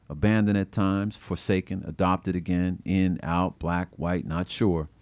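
A man, an author, reading aloud from his own book at a bookstore event, expressive and acting out the quoted voices. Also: lowish voice, no room sound.

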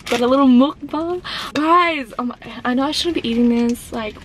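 A woman's voice: high-pitched, moderate pace, a little hiss or hum. A woman chatting casually to her viewers from inside a car, giggly and easily flustered. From Australia. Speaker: vlogger. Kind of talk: casual vlog. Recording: background music under the voice.

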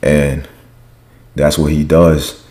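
Low-voiced male podcast host, casual slangy recap, acts out quotes. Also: little pitch movement, slow, warm tone. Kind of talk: casual reality-show recap.

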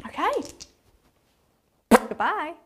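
A woman's voice: high voice, sing-song, very slow, fairly bright tone. A woman playing a tabletop wargame, chatting through her moves with teasing quips. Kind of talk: casual battle report commentary.

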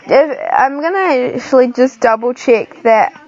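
A woman's voice: high-pitched, lively intonation, measured pace, darkish tone, lo-fi sound. A woman, chatting and giggling casually as she talks through a computer game for her channel. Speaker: gaming channel host. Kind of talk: casual screen-recorded gameplay commentary.

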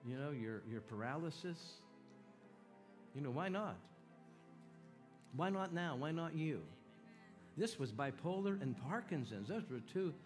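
A man's voice: on the high side, expressive, measured pace, long pauses. A man preaching at a church healing meeting, folksy and exhorting, calling out to the crowd. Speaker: evangelist leading a healing meeting. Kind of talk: sermon with audience call-and-response. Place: church sanctuary with worship music. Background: music playing.

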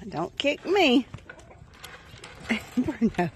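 A woman's voice: on the low side, very animated, measured pace. A woman filming her farm animals outdoors on a phone, talking to them in affectionate baby talk and chatting to viewers. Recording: faint outdoor background noise. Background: chickens clucking and roosters.

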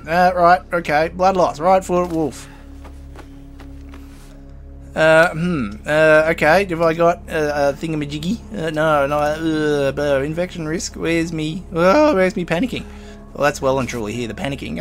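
A man's voice: sits high, a bit bright. A man giving chatty let's play commentary as he plays, chuckling often and getting flustered when things go wrong. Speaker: gaming channel host.

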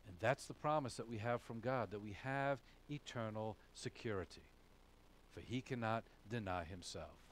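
A man's voice: on the low side, normal speed, slight background noise. Emphatic male pastor preaching a sermon. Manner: emphatic, asks and answers his own questions.

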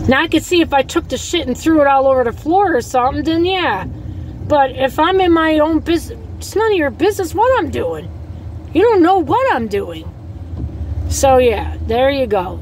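A woman's voice: on the high side, darkish tone, a little hiss or hum, poor audio. A woman vlogging casually, blunt and fired up, swearing as she rants about being treated badly. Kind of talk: casual ranting vlog.

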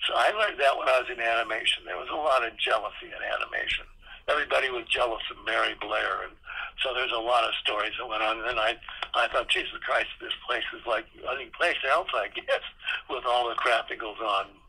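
Husky, bright-toned man in his eighties. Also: medium pitch, fairly quick, rough recording. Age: 80s. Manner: candid, salty, chuckling as he acts out old conversations. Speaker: podcast guest, retired theme park designer. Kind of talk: anecdotal storytelling in an interview.

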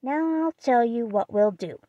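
A woman voicing a brisk, motherly older housekeeper in an audiobook reading, practical and folksy in speech. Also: a little high, expressive, mellow, dry recording, muffled recording, voice pushed up. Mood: reassuring.

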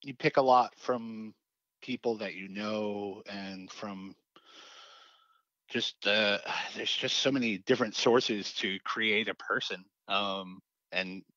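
A man with a fairly low voice talks about his craft in a relaxed interview. He rambles, hedges, and restarts his sentences often. The sound is dry and a bit muffled. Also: slow pace, no room sound. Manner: rambling, hesitant, many fillers and restarts. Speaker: comic writer guest. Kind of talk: casual interview.

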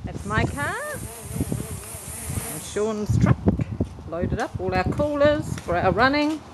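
Slow-talking woman. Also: fairly high pitch. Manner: chatty, relaxed, laughs softly between remarks. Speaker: home video narrator. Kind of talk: casual home tour narration. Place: inside a family house. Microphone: handheld camcorder mic. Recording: noisy home camcorder audio.

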